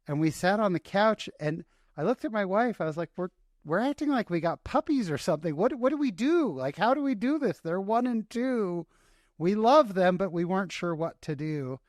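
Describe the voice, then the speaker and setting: A man's voice: medium pitch, a little mellow, no room sound, studio quality. A middle-aged man, a guest in an interview, telling a personal story in an earnest, emotional way with many restarts.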